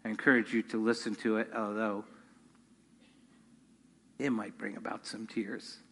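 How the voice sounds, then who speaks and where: Guy preaching in a church, bright sharp voice, big hall echo. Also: fairly low pitch, little pitch movement, unhurried, vocal fry, a little hiss or hum. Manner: earnest, rises in force on key points. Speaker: pastor. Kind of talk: sermon. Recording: long hall reverb.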